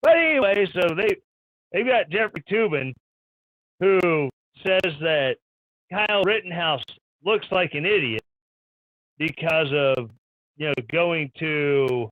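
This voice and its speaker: Brief: high-pitched male live stream host, irreverent ranting commentator. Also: animated, takes it slowly, pauses often, no room sound. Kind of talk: sarcastic news commentary. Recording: dull lo-fi stream audio.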